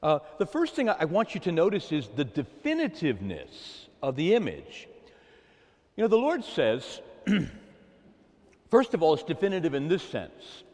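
A man preaches to his church with a high, animated voice that swings up and down, drawing the congregation into call-and-response. His voice carries a long reverb from the hall. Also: measured pace. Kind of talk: sermon.

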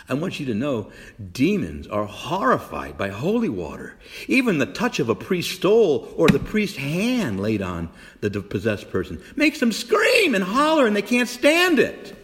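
A middle-aged man, a priest, preaching a sermon with emphatic repetition and direct questions to the congregation. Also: medium pitch. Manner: animated preaching, repeats phrases for emphasis.

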